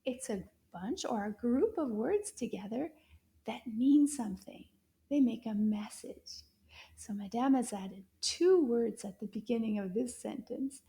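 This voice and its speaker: Slow, mellow woman teaching kids. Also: on the high side, lively intonation. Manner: slow, clear, encouraging teacher talk with drawn-out words. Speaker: French teacher for children. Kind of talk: children's language lesson.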